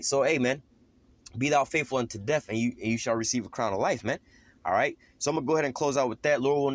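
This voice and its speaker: A man giving a casual scripture lesson, talking conversationally and peppering his speech with "man" and "you know.". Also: medium pitch. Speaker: lay preacher.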